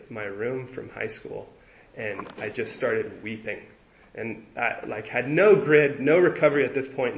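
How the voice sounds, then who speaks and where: A young adult man telling his recovery story at a meeting, halting and reflective, often restarting his sentences. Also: medium pitch. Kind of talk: personal recovery share. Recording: roomy, dull lo-fi recording.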